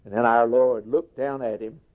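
A man preaching a sermon slowly and emphatically, lifting his voice for quoted scripture. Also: medium pitch, fairly even intonation. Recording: tinny phone-like recording.

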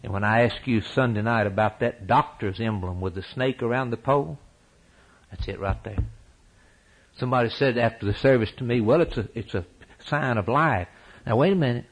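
A man preaching a sermon at a church service, impassioned, swinging from loud high peaks down to low, quiet lines. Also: moderate pace, husky, low-quality recording.

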